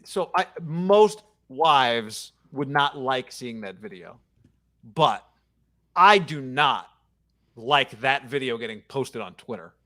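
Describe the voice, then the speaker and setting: A man's voice: mid-range voice, slow pace. A man hosting a casual sports talk show, telling stories with blunt opinions. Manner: animated storytelling, blunt opinions. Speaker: radio show host.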